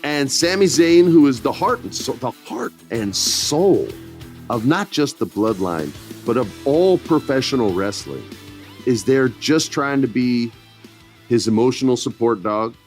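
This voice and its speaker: A man's voice: mid-range voice, animated, unhurried, a little mellow, soft background music. A man co-hosting a podcast, chatting casually through a wrestling recap and acting out the quotes in shifting voices. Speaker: podcast co-host.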